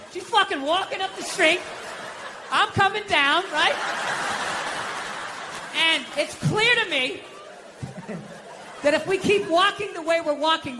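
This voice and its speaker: A man's voice: very high voice, bright, forceful tone, a little hiss or hum. A man doing stand-up comedy with a Boston accent, ranting through a profane story on a stage mic in front of a live audience.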